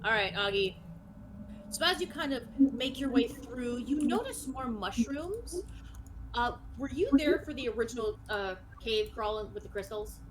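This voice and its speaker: A woman's voice: on the high side, animated, normal speed, noisy background. A woman as dungeon master, describing scenes in an easygoing way. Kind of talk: narrating a tabletop game.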